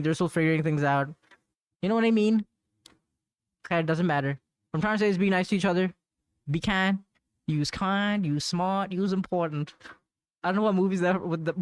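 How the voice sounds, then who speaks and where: A man's voice: fairly high pitch, clean tone, no room sound, studio quality. A man hosting a casual solo podcast, rambling with lots of fillers and restarts, slangy, and laughing at awkward moments. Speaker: podcast host.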